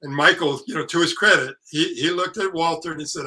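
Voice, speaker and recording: An older man, an actor and author, telling anecdotes in casual conversation, lively and salty, acting out what others said. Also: fairly high pitch, fairly quick, a little hiss or hum, rough recording. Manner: lively storyteller, salty language, acts out quotes. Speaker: actor and author, podcast guest.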